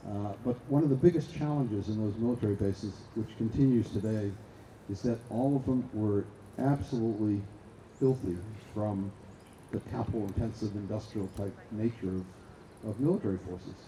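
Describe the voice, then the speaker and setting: Man, older, Boston accent, rambling conference talk, low voice, faint hall ambience. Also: normal speed, warm tone, a little hiss or hum. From Boston area. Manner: rambling, with many fillers and restarts. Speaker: conference speaker. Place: lecture hall. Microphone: stand microphone.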